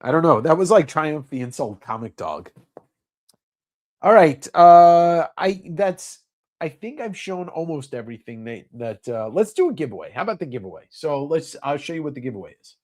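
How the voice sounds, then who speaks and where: A man's voice: on the high side, big pitch swings, moderate pace, a little mellow. A man hosting a comic sale livestream in casual sales chat, rambling with lots of fillers.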